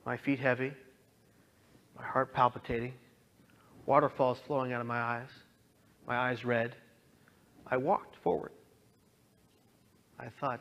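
A young man earnestly telling his own story as a talk, moving from quiet to impassioned. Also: mid-range voice, fairly even intonation, a little slow, creaky, long pauses. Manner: earnest, swings from hushed to impassioned. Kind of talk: personal testimony talk.

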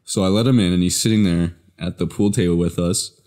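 A man with a fairly low voice co-hosts a podcast in easygoing chat. He tells stories haltingly, leaning on "like" and restarting his sentences. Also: a little mellow. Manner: halting, filler-heavy storytelling. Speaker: podcast co-host. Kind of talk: casual chat.

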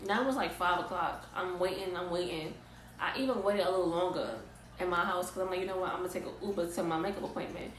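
A woman's voice: fairly low pitch, fast talker, echoey room, slight background noise, low-quality recording. Exasperated young woman telling a story. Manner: animated, exasperated storytelling with casual slang. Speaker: vlogger. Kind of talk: storytime vlog.

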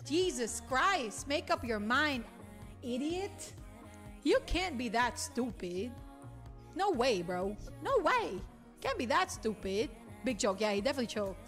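A woman with a high, lively voice that swings widely in pitch, commentating her own fighting-game match for a live chat. She swears freely and trash-talks, and game music plays underneath. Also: measured pace. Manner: excitable, profane, trash-talking chat. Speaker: game streamer. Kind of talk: live gameplay stream commentary. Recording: game music audible behind.

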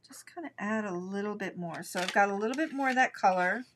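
A woman's voice: medium pitch, quick pace, a little hiss or hum. Chatty woman teaching watercolor live. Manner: chatty, thinks aloud while working. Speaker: art instructor. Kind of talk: live painting tutorial.

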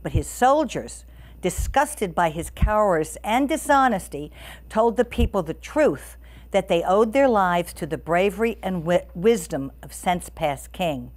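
A woman reading a storybook aloud to listeners as the storyteller, expressive and animated. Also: on the low side, unhurried.

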